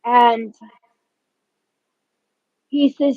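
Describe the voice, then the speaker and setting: A woman slowly telling an emotional personal story in a casual chat. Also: a little high, no room sound. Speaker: guest. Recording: dull lo-fi dry audio.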